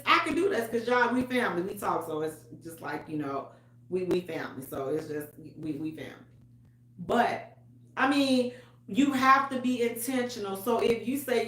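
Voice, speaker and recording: A woman hosting a radio talk show, chatting casually and loudly with her listeners. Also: medium pitch, moderate pace. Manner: chatty, loud and animated, with African American Vernacular English. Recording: roomy echo.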